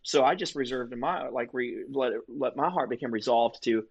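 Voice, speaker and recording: A man's voice: medium pitch, moderate pace, vocal fry, breathy edge, lo-fi sound. A man as a podcast guest, telling a personal faith story in an earnest, vivid conversational way. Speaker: guest telling his testimony.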